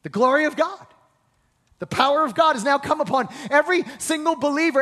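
A male pastor preaching a sermon with energetic rhetorical questions and call-and-response with the congregation. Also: extremely high pitch, moderate pace. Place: church hall. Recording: reverberant hall.

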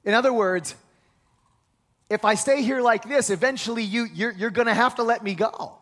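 High-voiced animated male preacher. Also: normal speed. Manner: animated storytelling, acts out quoted voices, many restarts. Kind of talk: sermon.

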